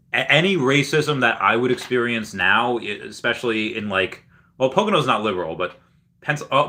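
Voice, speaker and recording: A man's voice: lowish voice, sharp tone. A young man hosting a casual livestream, rambling as he reads viewer comments aloud and mimics people he quotes. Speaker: livestream host.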